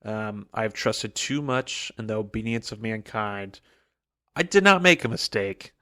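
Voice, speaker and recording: A man's voice: lowish voice, fairly even intonation, unhurried, fairly bright tone. A man paraphrasing an immortal tyrant emperor. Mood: commanding. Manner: casual paraphrase, barely a put-on voice.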